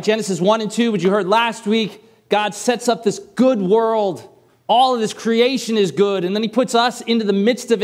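A man preaching a sermon in a conversational way, with light self-deprecating humor, from the Northern US. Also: high-pitched.

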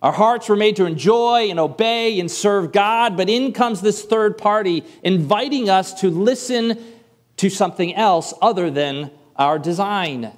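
A man's voice: high-pitched, measured pace. A man preaching a sermon in a conversational way, with light self-deprecating humor, from the Northern US.

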